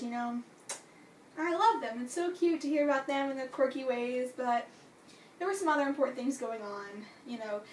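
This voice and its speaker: A young adult woman reviewing a book in casual vlog talk, gushing and excitable, full of "like" and "you know". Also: on the high side, slight background noise. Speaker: book vlogger. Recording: echoey room, distant from mic.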